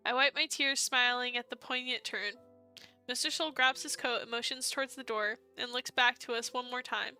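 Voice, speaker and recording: A woman's voice: on the high side, fairly even intonation, normal speed, pushed and bright, clean tone, soft background music. A young woman streaming a dating game, reading its narration aloud and reacting expressively, laughing and emotional. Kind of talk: let's play with read-aloud narration.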